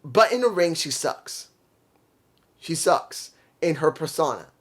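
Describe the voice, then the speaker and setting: A man's voice: on the high side, lively intonation, slow pace, a bit bright, breathy edge. A man giving a casual, opinionated wrestling show review, blunt and emphatic, often repeating his points.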